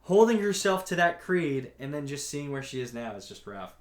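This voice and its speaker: A young man co-hosting a podcast, chatting casually and recapping scenes with animated, profane reactions. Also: a little high, normal speed, roomy sound. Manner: animated recapping, reads out scene quotes, swears freely. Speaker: podcast co-host. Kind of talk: casual chat.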